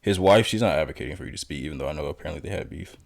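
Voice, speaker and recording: A man's voice: extremely low pitch, animated, rapid-fire, creaky. A man giving political commentary in a blunt, lecturing, confrontational manner.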